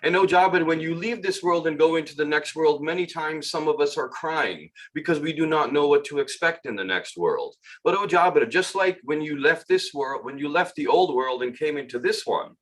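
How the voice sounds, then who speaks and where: A man's voice: on the high side, moderate pace, few pauses. A man delivering a religious lecture at a memorial gathering, retelling a narration and acting out its dialogue with rising emphasis. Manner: storytelling, gently acts out dialogue with rising emphasis.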